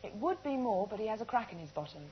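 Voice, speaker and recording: A woman's voice: medium pitch, very animated, quick pace. A woman co-presenting satirical news, delivering jokes dryly. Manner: dry punchline delivery. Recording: dull TV audio, loud noise.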